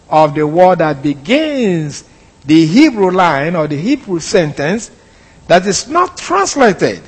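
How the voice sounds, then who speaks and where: Male Bible teacher, slightly high voice, unhurried, methodical delivery, reverberant hall. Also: husky. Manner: deliberate, explanatory, with pauses and fillers. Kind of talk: slow expository Bible lesson.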